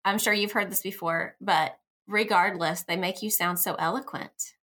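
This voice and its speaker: A woman's voice: medium pitch, steady tone, normal speed. A woman hosting a faith podcast, asking questions with enthusiasm and easy laughter. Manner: warm, enthusiastic, laughs easily. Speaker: podcast host. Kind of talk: conversational interview.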